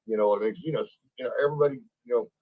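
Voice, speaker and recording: A man's voice: medium pitch, rapid-fire, breathy edge, dry recording. A man, a father bluntly recounting events, rambling with constant "you know" filler and some cussing. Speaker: father, interviewee. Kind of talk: casual recounting. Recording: tinny phone-like clip.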